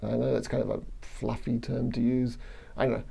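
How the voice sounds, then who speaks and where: A man's voice: mid-range voice, flat delivery, fairly quick, gravelly, mellow, breathy edge. A middle-aged man from Australia with an Australian accent, a plant biology professor chatting in an interview, laughing often and restarting his sentences. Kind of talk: relaxed interview conversation.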